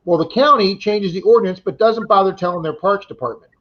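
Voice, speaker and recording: A man telling an animated story in a casual livestream chat, acting out what others said. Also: sits high, quick pace. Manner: animated retelling, acting out quoted voices. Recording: slightly dull lo-fi livestream audio.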